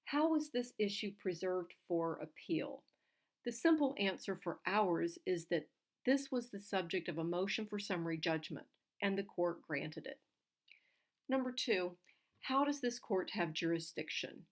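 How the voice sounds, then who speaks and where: Woman giving brisk numbered tips. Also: lowish voice, lively intonation. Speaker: legal writing instructor. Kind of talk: instructional talk on oral argument.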